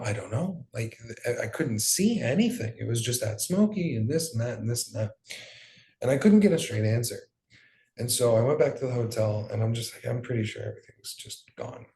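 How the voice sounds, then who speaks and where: A young man recounts a painful experience as an interview guest, talking loosely with frequent fillers and casual swearing. His voice sits in an ordinary middle pitch. The room around him rings with a noticeable echo. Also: normal speed, dark tone. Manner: loose, profane storytelling with many fillers. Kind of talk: emotional personal account. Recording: roomy echo.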